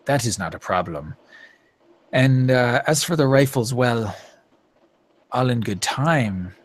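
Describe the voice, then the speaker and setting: A hushed, scheming alien woman, as a man puts her on for a tabletop game. She has a put-on foreign accent and speaks in quiet, measured, half-whispered tones. Her voice sits a little lower and softer than the game master's own. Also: expressive. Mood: smooth. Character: smooth-talking female alien majordomo, calm and scheming.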